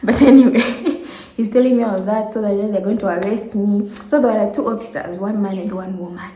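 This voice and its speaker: A woman's voice: medium pitch, a little fast, warm tone. A young woman in her twenties tells a storytime vlog with lots of animation. She acts out the people in her story and laughs often. Her voice rings in a roomy, echoey space. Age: 20s. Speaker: vlogger.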